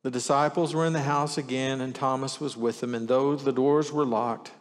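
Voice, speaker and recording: A man preaches a sermon in an earnest way, leaning into the scripture he reads aloud. His voice sits at an ordinary middle pitch. The sound rings with the long reverb of a big church hall. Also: steady tone, moderate pace. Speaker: pastor.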